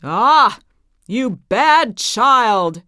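A woman voicing a furious old witch who scolds loudly in a storybook reading. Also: a little high, expressive, drawn-out words, no room sound, clean studio sound, voice pushed up, heavily acted. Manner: shouting, scolding.

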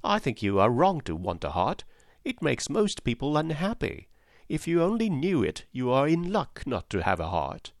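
A man voicing a gentle, apologetic old humbug wizard in a storybook reading, in a kindly, confiding way. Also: medium pitch, huge pitch swings, normal speed, dry recording, studio quality, pitched above the performer's own voice.

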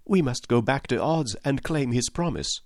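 An eager, hopeful young farm girl from a storybook, as a male reader puts her on. His voice rises well above its usual low pitch and speaks brightly. The recording is close and dry. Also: lively intonation, normal speed, dry recording, close to an everyday voice.

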